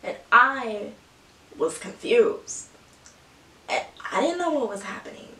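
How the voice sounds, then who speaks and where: A woman's voice: fairly high pitch, big pitch swings, slow pace, a bit bright. A young woman telling a rambling story to her camera, full of 'like' and laughter. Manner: rambling, laughing often, filler-heavy with lots of 'like'. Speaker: vlogger. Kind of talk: casual storytime. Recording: echoey room, from a distance.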